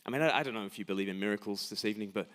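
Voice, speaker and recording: A man's voice: lowish voice, rapid-fire, a bit bright. Emphatic male preacher. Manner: emphatic, rhetorical questions, repeats words when starting sentences. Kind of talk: sermon. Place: church.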